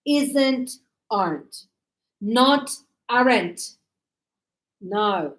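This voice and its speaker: A woman teaching an English grammar lesson to a class, speaking slowly and deliberately and sounding out words for her students. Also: mid-range voice, lively intonation. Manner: slow, deliberate, models pronunciation.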